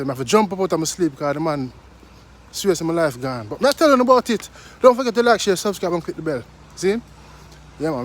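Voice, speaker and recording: A man with a Jamaican accent talking casually to his viewers in a vlog, earnest and repetitive, mixing in patois. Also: on the high side. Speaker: vlogger.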